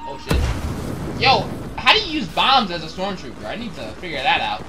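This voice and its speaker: A young man giving casual gameplay commentary, excitable, swearing and shouting at enemies. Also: high voice, moderate pace, over loud music. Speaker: gaming channel host.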